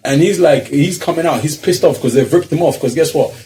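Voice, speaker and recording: Guy on a podcast, quick lively storytelling, slightly high voice, keeps laughing. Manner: animated storyteller, acts out voices, laughs often. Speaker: podcast co-host. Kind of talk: casual storytelling chat.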